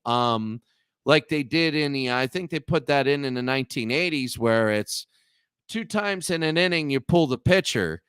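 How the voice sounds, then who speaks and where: Rambling appalachian guy, swears a lot, talks a bit high, smooth voice. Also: no room sound, clean studio sound. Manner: digressive, profane, acts out quoted voices loudly. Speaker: show host. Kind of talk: rambling storytelling.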